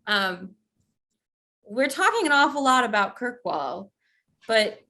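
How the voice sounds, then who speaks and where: Woman player, kinda hesitant, bright sharp voice. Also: fairly high pitch, big pitch swings, slow pace, long pauses. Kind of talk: tabletop game chat.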